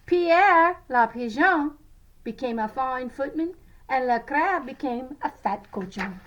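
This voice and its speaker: A woman teacher reading a picture book aloud to children, expressive and sometimes stumbling over French words. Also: high-pitched, slow pace, lo-fi sound.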